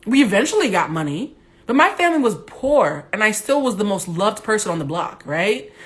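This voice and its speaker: Loud, blunt woman on a livestream. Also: medium pitch, fairly quick. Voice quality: big, loud voice. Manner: blunt, animated, profane. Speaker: Instagram Live host. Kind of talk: candid livestream monologue.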